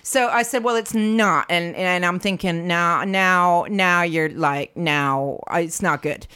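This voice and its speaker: A woman's voice: fairly low pitch, takes it slowly, bright, forceful tone, clean tone. An American woman co-hosting a casual podcast, telling an indignant story with lots of asides. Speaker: podcast co-host.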